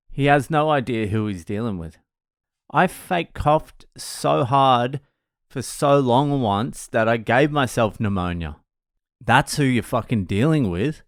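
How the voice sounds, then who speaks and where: A man's voice: mid-range voice, no room sound, studio quality. A man, hosting a show and telling funny stories in a casual, profane, joking way. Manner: profane, joking, laughs at his own stories. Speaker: podcast host answering questions. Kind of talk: casual storytelling monologue.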